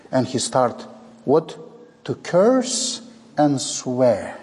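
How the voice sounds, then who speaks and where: A man's voice: medium pitch, big pitch swings, takes it slowly, darkish tone, slightly rough. A male preacher giving a sermon, speaking dramatically and acting out the dialogue he tells. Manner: dramatic, acts out quoted dialogue. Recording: long hall reverb.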